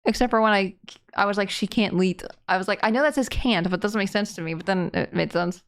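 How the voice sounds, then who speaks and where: A woman streaming a game live, chatting and reading its dialogue aloud with giggles and loud excited outbursts. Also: mid-range voice, fast talker, clean tone.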